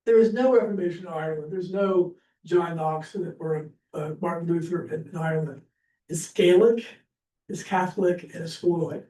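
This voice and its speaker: A man's voice: fairly high pitch, normal speed, warm tone. A man teaching an informal history class at church, chatty and rambling, with lots of fillers and restarts. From Pennsylvania. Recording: echoey room, distant mic, faint hiss.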